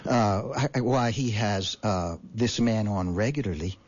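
A man's voice: on the low side, measured pace, darkish tone, muffled recording. A man guest on a call-in radio show, telling his story in an indignant, rambling way. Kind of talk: animated call-in radio talk.

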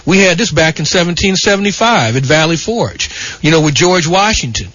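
A man's voice: on the high side, lively intonation, a little fast, a bit bright, no echo. A middle-aged man hosting talk radio, ranting in a combative, rambling way, full of "you know" and "okay", with a dull broadcast sound. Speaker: fill-in radio talk show host. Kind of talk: opinionated talk radio monologue.

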